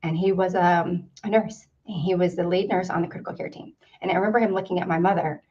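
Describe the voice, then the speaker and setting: Lady telling her own story at a seminar, lowish voice, sounds kinda far off and muffled. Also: steady tone, quick pace, warm tone. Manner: earnest, repeats for emphasis. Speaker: seminar speaker. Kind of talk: personal storytelling. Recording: distant, dull lo-fi sound.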